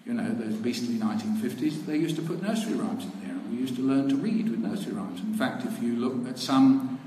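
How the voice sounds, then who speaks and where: A man's voice: mid-range voice, animated, brisk, dark tone. A man telling chatty anecdotes to an audience, with laughing asides and acted-out quotes. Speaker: speaker at a talk. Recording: echoey hall with background noise.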